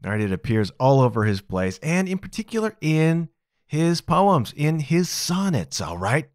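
A male podcast host talks through a subject on his own, in a lively voice that swings high and low. He speaks casually and with emphasis, tosses in "right?" and "okay?", and laughs at his own jokes. The sound is dry and close, with no room echo. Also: moderate pace. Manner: chuckles at his own asides. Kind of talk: casual solo explainer monologue.

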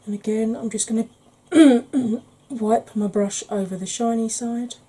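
A woman explaining her makeup steps in a soft, chatty ASMR tutorial, often clearing her throat. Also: a little high, steady tone, unhurried, poor audio. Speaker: beauty vlogger.

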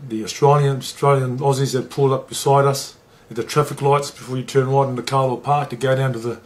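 A man's voice: mid-range voice, fairly even intonation, quick pace. Plain-spoken New man telling a story. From New Zealand. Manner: plain-spoken, swears freely, acts out dialogue. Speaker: former rugby league player. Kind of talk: interview storytelling.

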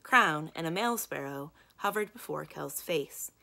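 A woman librarian reading a children's book aloud in calm, steady narration. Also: deep voice, moderate pace, creaky.

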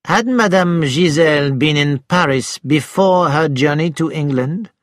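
A middle-aged French police inspector, played by a man in an audiobook drama, asking careful questions at a very slow pace. His voice sits a little high and sounds dry and close. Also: no room sound, lightly acted. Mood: probing.

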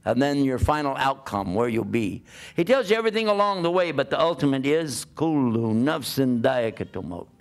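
Gravelly male preacher with rhetorical questions. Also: a little high, expressive, a little fast. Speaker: Islamic preacher. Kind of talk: sermon.

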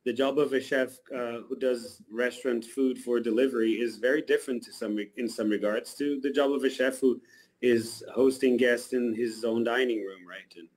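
A man, a chef, answering radio interview questions in a relaxed, thoughtful way. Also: mid-range voice, normal speed, rough recording.

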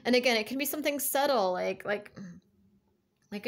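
A woman's voice: medium pitch, unhurried, pauses often. A woman giving a casual tarot reading, chatty and encouraging, rambling with lots of fillers and restarts. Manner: chatty and encouraging, laughs between thoughts. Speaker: tarot card reader.

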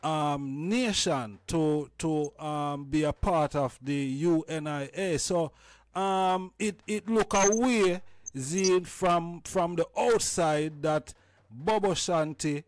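Slow, hesitant Jamaican man questioning. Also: fairly high pitch, dry recording. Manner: hesitant, filled with "um"s. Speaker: host. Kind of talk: casual reasoning.

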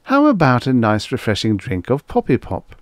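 A man's voice: mid-range voice, wildly swooping pitch, moderate pace, no echo, clean studio sound, voice pushed up. Man putting on a chirpy robot street vendor. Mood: chirpy salesman. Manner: chirpy sales patter, mechanically polite.

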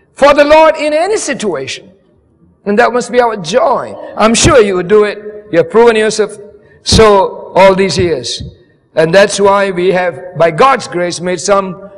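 A man's voice: extremely high pitch, a bit bright. An older man preaching a sermon as pastor, moving from easy asides to fervent exhortation. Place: church camp meeting hall. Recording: long hall reverb.

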